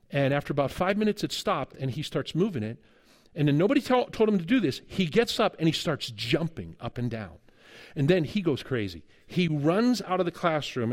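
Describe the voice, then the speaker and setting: Man telling a humorous sermon story. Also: a little high. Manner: lively, humorous storytelling with chuckles. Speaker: guest preacher and seminary teacher.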